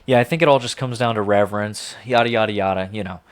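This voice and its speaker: A man co-hosting a podcast in casual chat, talking in a measured, reflective way with careful restarts. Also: fairly low pitch, very noisy. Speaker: podcast co-host.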